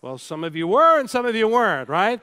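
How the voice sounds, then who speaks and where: In a clean, brisk, high voice, a middle-aged keynote speaker tells stories to a live audience in a large hall. He's animated and talks directly to the people in front of him.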